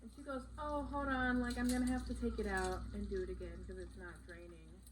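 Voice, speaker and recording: A woman's voice: mid-range voice, normal speed. Young woman venting a storytime, lots of cursing, noisy background hiss. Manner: blunt, swears a lot, animated retelling. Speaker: vlogger. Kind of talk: casual storytime vlog.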